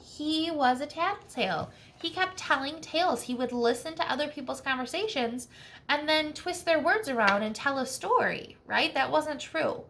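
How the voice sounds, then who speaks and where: A woman teacher reading a storybook aloud to children, expressive and checking in with questions. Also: high voice, moderate pace, creaky, noisy background.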